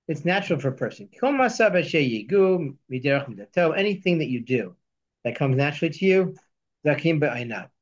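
A man teaching a text study lesson, reading Hebrew verses slowly and then explaining them. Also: medium pitch, muffled recording. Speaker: Torah teacher.

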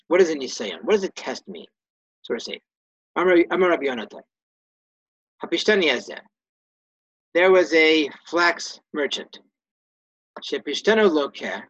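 A man's voice: on the high side, a bit bright, no echo, muffled recording. A man leading a Torah study class, reading Hebrew and Aramaic phrases aloud and translating each one in a casual, self-correcting way. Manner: reads Hebrew and Aramaic phrases, then translates them plainly. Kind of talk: text-study lesson.

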